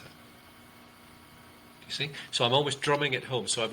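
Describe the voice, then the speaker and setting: A man, a communication coach, explaining ideas in an interview and demonstrating tone with loud and soft delivery and long pauses. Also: mid-range voice, a little hiss or hum, low-quality recording. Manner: demonstrative, shifts loudness and uses long pauses to show tonality.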